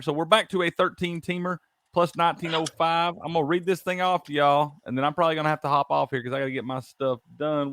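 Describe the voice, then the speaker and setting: A man's voice: a little high, fairly bright tone, clear, resonant tone, no echo. A man hosting a sports betting stream, laid-back and reading off picks. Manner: laid-back, drawling, reads lists of picks. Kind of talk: casual sports chat.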